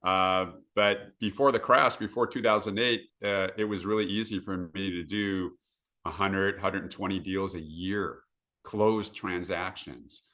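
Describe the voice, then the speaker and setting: A middle-aged man from Southern California chats as a podcast guest over a video call. His slightly low voice has a bright, forceful edge, and he peppers his story with "uh" while jumping into lively quoted asides. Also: unhurried. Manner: many uh fillers, animated quoted asides. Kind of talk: casual storytelling.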